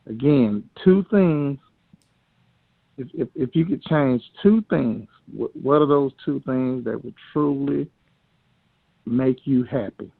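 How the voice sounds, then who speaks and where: A man with a Southern US accent phones in a question, slow and halting, with a gravelly edge to his voice. He comes through a tinny, dry phone line. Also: medium pitch, no echo. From Atlanta, Georgia, US. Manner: slow, halting, repeats words. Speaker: caller.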